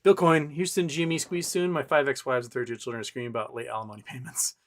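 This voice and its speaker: A man's voice: medium pitch, level tone, quick pace. A man hosting a casual livestream, rambling with lots of fillers and restarts as he reads out viewer chat. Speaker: livestream host.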